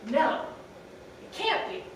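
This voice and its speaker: A woman's voice: slow, a little hiss or hum, natural voice. Woman playing a haughty little male penguin. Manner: haughty, confident. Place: theatre stage, live performance. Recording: roomy hall, voice from far off.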